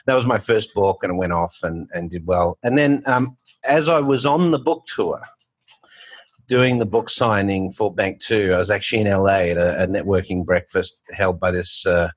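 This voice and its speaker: Australian man, middle-aged, husky low voice, dry recording, rambling interview guest. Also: no room sound. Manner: rambling, restarts and fillers, storytelling. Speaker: guest, bank founder. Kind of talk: conversational interview.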